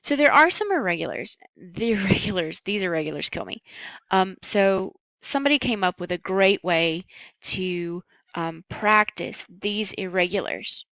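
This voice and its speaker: A woman teaching a recorded language lesson, patient and upbeat, slowing down carefully on each Spanish word. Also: mid-range voice, a bit bright, dry recording, dull audio. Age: adult.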